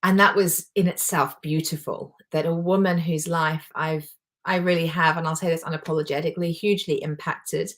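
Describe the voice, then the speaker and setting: Low-voiced woman life coach. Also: steady tone, normal speed. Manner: heartfelt, emotional, warmly personal. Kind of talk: live motivational talk to an audience.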